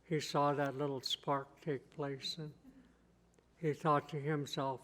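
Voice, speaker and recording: A man's voice: mid-range voice, little pitch movement, a bit bright. A man, a tribal chief giving a keynote, telling a traditional story in plain, repetitive phrasing. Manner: slow, repetitive, plain-spoken.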